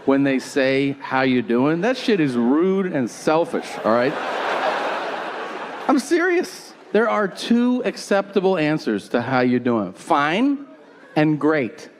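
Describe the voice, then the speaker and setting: A man's voice: a little high, sing-song, a little slow. Profane man doing stand-up storytelling. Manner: storytelling with acted-out dialogue, profane punchlines. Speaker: stand-up comedian. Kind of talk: stand-up comedy set. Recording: live venue with audience laughter noise. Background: audience laughter.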